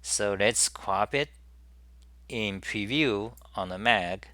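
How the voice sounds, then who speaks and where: A man hosting a live software demo, thinking aloud with halting restarts and repeated words as he works. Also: lowish voice, no room sound. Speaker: programming tutorial host.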